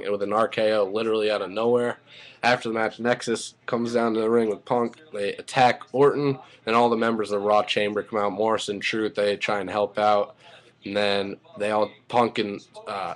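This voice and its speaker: A man giving a casual spoken recap of a wrestling show, rambling and excitable, swearing freely as he goes. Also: fairly low pitch.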